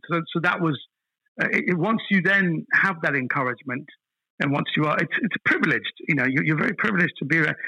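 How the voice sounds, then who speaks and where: A man, a guest on a casual podcast, tells stories with animated energy. His voice is bright and forward, with a husky edge, set a little high for a man. The recording is dry and close. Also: dry recording, highs cut off. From London, England. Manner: animated storyteller, repeats words when starting a thought. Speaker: guest comedian.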